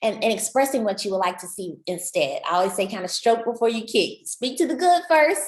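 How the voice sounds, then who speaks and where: A woman coaching couples in a warm-hearted, chatty style, speaking right to her listener and cheering them on. Her voice sits at a middle pitch. The sound carries a noticeable room echo. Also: lively intonation, brisk. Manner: encouraging and chatty, addresses listener directly. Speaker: relationship coach. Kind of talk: motivational talk to camera.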